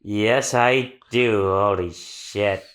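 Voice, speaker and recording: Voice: deep voice, drawn-out words, fairly bright tone. A podcast co-host who chats casually, reacts with emotion and swears now and then.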